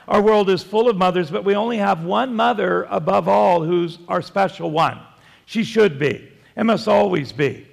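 A man's voice: high-pitched, vocal fry, in a large hall. An older man preaching a sermon as pastor, a folksy storyteller who works jokes into his message. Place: church sanctuary.

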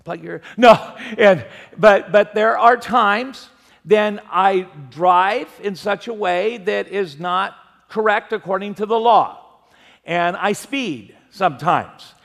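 Male pastor, high and gravelly voice, chatty sermon full of jokey anecdotes, long church reverb. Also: a bit bright. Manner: conversational preaching with humorous anecdotes.

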